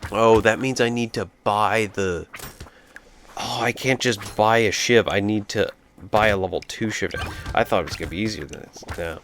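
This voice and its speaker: With slight background noise behind him, a let's play commentator speaks at a normal speed in a lowish voice with a fairly bright tone. He tells a casual, rambling story over his gameplay, pausing to react to the game.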